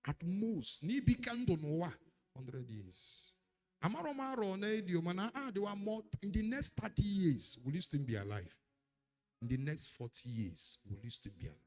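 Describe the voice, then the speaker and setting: Man preaching, highly animated and fairly high-voiced, big swings from shouting to hushed. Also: moderate pace. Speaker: pastor. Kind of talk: sermon.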